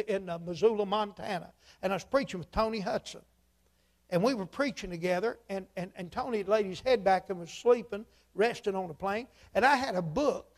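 A male preacher with a drawl and a high voice for a man. He spins homespun stories in a folksy way and keeps circling back with "he said". He drives each story toward a pointed, emphatic lesson. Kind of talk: sermon storytelling.

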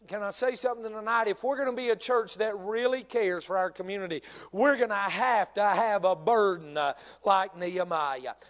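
A man's voice: high-pitched, moderate pace, hardly any pauses, a bit bright. A male pastor with a North Carolina Southern accent, preaching a sermon and speaking straight to his congregation, repeating key lines for emphasis.

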